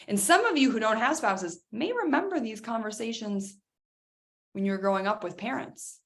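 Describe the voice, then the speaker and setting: Picture a middle-aged woman leading a live self-help session, speaking plainly and conversationally. She slips into little acted-out bits of dialogue to make her points, keeping an easy, animated delivery. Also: on the high side, normal speed. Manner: animated, acts out quoted dialogue in other voices. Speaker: host of a self-help workshop. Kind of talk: live coaching talk.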